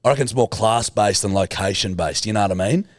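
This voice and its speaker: An Australian man co-hosting a podcast, talking bluntly and swearing often as he tells animated stories. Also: fairly low pitch, quick pace, no room sound, studio quality. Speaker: podcast co-host. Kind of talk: casual podcast chat.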